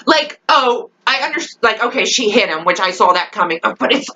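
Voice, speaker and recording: A woman's voice: a little high, animated, brisk, hardly any pauses, lo-fi sound, noisy background. A young woman ranting in a casual vlog, exasperated and rambling, full of fillers and swearing. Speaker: vlogger reacting to a TV episode.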